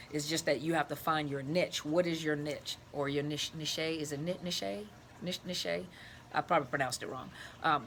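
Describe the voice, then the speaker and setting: A woman's voice: low-pitched, a bit bright, slight background noise. A middle-aged woman, a therapist and life coach, explaining her work in an earnest, searching way as an interview guest. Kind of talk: casual interview talk.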